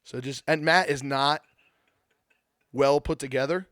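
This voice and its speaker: A man speaking as a guest on a casual podcast, in an ordinary, mid-pitched voice. He rambles through his stories, filling his talk with "like" and restarts. The recording is close and dry. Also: steady tone, a little slow, a bit bright, dry recording. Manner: rambling storyteller, lots of "like", blunt. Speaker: strongman coach and guest. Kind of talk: casual chat.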